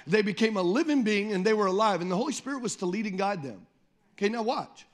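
A man preaching a sermon as pastor, emphatic, repeating phrases, calling on the congregation and slowing down to read scripture. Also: high voice, lively intonation. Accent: Midwestern American. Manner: slows down and lifts the voice when reading scripture.

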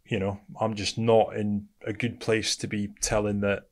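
A man's voice: fairly low pitch, flat delivery, moderate pace. A man from Britain, a podcast guest telling his story bluntly and candidly, swearing often and calling the host mate.

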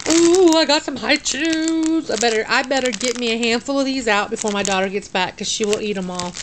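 A middle-aged woman talks through an unboxing in a dim room at home, her voice sitting a little high. She sounds drowsy and sluggish, stumbling over her words now and then, and a faint hiss runs under the recording. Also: low-quality recording. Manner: drowsy, sluggish and tongue-tied. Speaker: vlogger unboxing a craft package. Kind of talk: casual unboxing chat.

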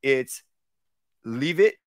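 A man's voice: drawn-out words, dry recording. Man teaching dog training, dry sound. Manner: conversational, acts out commands in a low calm voice. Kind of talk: live workshop talk. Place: outdoor workshop.

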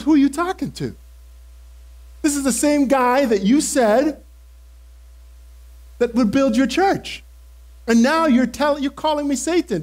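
A man's voice: high-pitched, darkish tone, natural voice. A male pastor giving a first-person sermon as Simon Peter, the eager, impulsive apostle, speaking earnestly and emphatically to the congregation. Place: church service held in a cinema auditorium.

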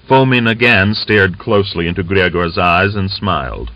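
A man narrating an audiobook novel in a measured, even storytelling delivery, on a dull lo-fi recording. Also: sits low, dry recording. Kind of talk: scripted narration.

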